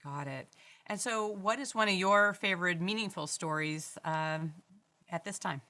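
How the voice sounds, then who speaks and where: A woman's voice: lowish voice, moderate pace, sharp tone. A woman hosting a podcast, asking questions and answering with short affirmations. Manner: brief affirming responses and questions. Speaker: podcast host. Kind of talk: interview chat.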